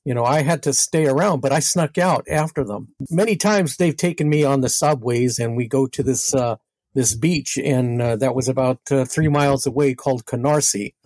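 A man's voice: medium pitch, normal speed, darkish tone, dry recording. A man from Brooklyn, New York, a podcast guest telling rambling stories with laughs and many fillers. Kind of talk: casual storytelling.

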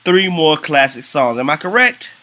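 A young adult man co-hosting a podcast in casual chat, laid-back and teasing, with halting phrasing. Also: on the high side, sing-song, pushed and bright. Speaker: podcast co-host.

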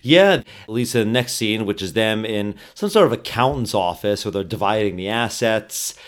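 A man co-hosting a casual movie podcast, recapping the plot in a relaxed way. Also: fairly low pitch, moderate pace. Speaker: podcast co-host.

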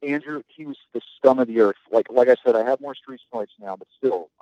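A man's voice: mid-range voice, brisk, no room sound, dull audio. A man telling rambling, profane stories about his navy days in a casual podcast chat, often restarting his sentences. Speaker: guest, navy veteran.

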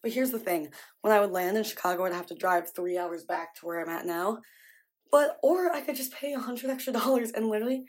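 A woman's voice: mid-range voice, a little fast. A young woman from the American Midwest talks straight to her camera in a casual vlog. Her chatter is scattered and full of "like" fillers. She sounds exasperated as she talks to herself. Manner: frequent "like" fillers. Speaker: vlogger.

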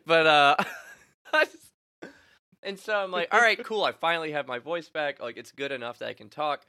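A young man co-hosting a podcast, chatting casually and telling animated stories with lots of laughter and acted-out quotes. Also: fairly high pitch, normal speed, smooth, no room sound, clean studio sound. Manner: laughs often, animated storytelling with voiced quotes. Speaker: podcast co-host. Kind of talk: casual chat.

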